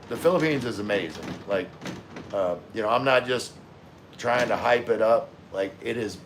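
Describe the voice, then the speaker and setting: A man's voice: lowish voice, background noise. A middle-aged man hosting a casual livestream, answering viewer comments in a laid-back way with lots of fillers. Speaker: livestream host reading chat.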